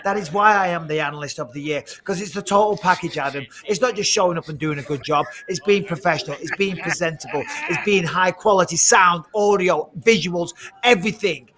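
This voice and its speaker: British fight analyst, vivid bright voice, pitched a bit high, boasting on a video call. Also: male voice, brisk. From Britain. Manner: boastful mock-pompous ribbing. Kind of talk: teasing studio banter and fight analysis. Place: remote studio at home.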